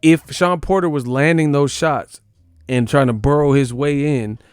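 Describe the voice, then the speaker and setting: A man's voice: a little high, moderate pace, clear, resonant tone, dry recording, studio quality. Profane trash-talking boxing commentator man. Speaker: boxing commentator, channel host. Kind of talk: casual boxing commentary rant.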